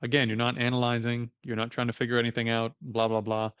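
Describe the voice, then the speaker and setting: Male meditation teacher on a livestream, mid-pitched, loose and plain-spoken, with an occasional curse, dry close sound. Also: completely flat delivery, quick pace, fairly bright tone, clean tone, dry recording. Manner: casual, plain-spoken, curses now and then.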